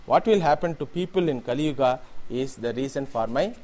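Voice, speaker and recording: A man voicing a gentle, sorrowful mother cow in a spoken story, lamenting earnestly. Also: mid-range voice, animated, fairly quick, lightly acted. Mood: worried.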